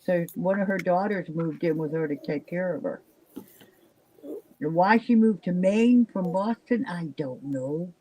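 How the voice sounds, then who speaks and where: A tired older woman rambles chattily as a participant in a live stream's casual chat, letting her thoughts trail away into fillers. Her warm, unhurried voice sits on the low side, though the audio is poor.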